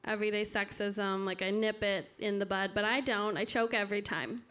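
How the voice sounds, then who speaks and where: A woman performing a stand-up comedy set in a comedy club, with a deadpan, self-deprecating delivery. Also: mid-range voice, fairly quick, smooth. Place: comedy club stage with live audience. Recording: noisy club room audio. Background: audience laughter.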